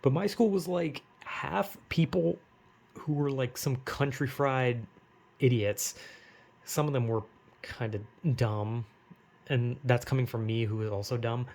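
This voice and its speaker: Gravelly young man rambling casually. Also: mid-range voice, measured pace, darkish tone. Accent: General American. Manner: self-deprecating, rambling, swears casually. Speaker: vlogger.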